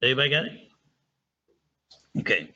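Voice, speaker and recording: A man teaching a casual Arabic lesson who often checks in with "right?" and "okay?" and slows down to spell out words. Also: medium pitch, big pitch swings, pushed and bright, lo-fi sound.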